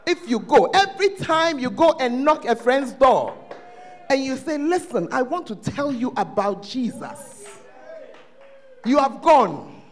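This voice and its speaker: A pastor with a Ghanaian English accent preaches at a church service, swinging from shouted lines to hushed asides. His voice is very high-pitched and sing-song, delivered at a measured pace.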